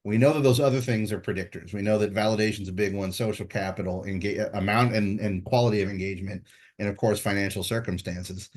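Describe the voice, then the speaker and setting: A man presenting research findings in a webinar, measured and explanatory, often asking rhetorical questions. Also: fairly low pitch, fairly even intonation. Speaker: university veteran services staff presenting research.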